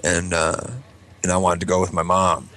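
A man telling stories in a casual podcast chat, acting out shouted lines from other people with big jumps in pitch. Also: moderate pace. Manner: animated storyteller, acts out yelled voices. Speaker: podcast panelist.

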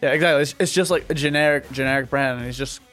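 A man's voice: medium pitch, fast, fairly bright tone, soft background music. A man running a tabletop game as game master, easygoing as he steers the players back on track.

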